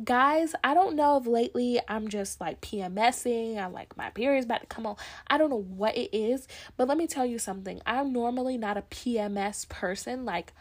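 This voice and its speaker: A woman's voice: fairly high pitch, slightly rough. A young woman hosting a solo podcast, talking in a rambling, reflective way with lots of fillers. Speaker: podcast host. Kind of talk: casual solo podcast chat.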